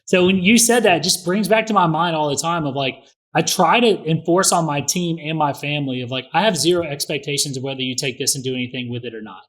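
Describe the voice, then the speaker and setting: A man's voice: on the high side, a bit bright. A middle-aged man, a guest on a podcast, talking bluntly and swearing freely in casual conversation. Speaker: podcast guest, real estate investor.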